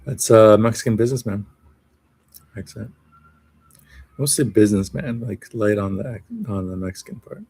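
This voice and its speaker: A man's voice: on the low side, lively intonation, normal speed, long pauses, a little mellow, breathy edge, dry recording. A man live streaming alone, rambling in a sardonic, self-mocking way as he reacts to what he reads. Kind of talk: casual solo live stream commentary.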